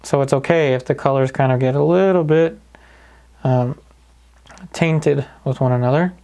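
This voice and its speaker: A man calmly talking through each step of a painting lesson in an easygoing way. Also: medium pitch, normal speed, vocal fry. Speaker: painting instructor. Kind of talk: paint-along tutorial narration.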